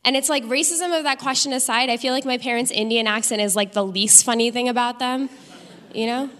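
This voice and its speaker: A young woman performing a live stand-up comedy set with an animated, punchy delivery in front of an audience. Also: fairly high pitch, fairly quick. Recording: live stage recording with long hall reverb.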